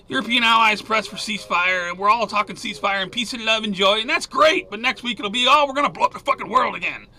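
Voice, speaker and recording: A man hosting a solo news commentary show, reading headlines and ranting angrily, swearing and sometimes yelling. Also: sits high, slight background noise.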